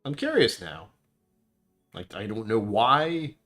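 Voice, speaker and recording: Deep-voiced man chatting on a stream. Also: sing-song, slow, fairly bright tone, faint music behind. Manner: rambling, chatty, reacting to chat. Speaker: whiskey reviewer streamer. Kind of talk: casual live-stream chat.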